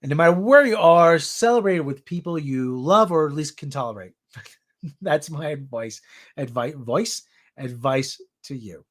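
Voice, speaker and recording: A man's voice: on the high side, expressive, normal speed. A man from the New area, hosting a casual news roundup in a rambling way with jokey asides. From New York area. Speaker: show host.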